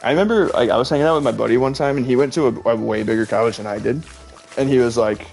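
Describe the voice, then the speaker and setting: Young male streamer, rambling filler-heavy chat over faint game music, gravel in the voice. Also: medium pitch, fast talker, a little mellow. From Illinois, USA. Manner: rambling, heavy use of "like", laughs often. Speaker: gaming streamer. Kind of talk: casual chat while gaming.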